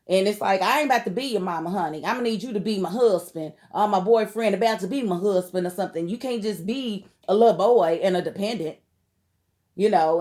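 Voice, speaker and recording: A woman's voice: on the high side, darkish tone. A woman from Kentucky giving an emphatic, heated casual vlog commentary on a TV show, speaking in outspoken slang. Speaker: TV show recap vlogger.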